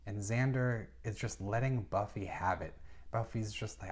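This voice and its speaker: A man's voice: mid-range voice, moderate pace, darkish tone. A man giving a casual book review, recapping the plot with chatty, exasperated reactions.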